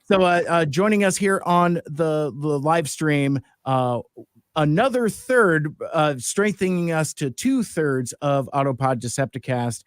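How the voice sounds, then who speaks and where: Man, podcast host, rambling casual chat, fairly high voice, dry sound. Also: expressive, a little slow, no echo. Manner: rambling, many fillers and restarts. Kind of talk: casual live-stream chat.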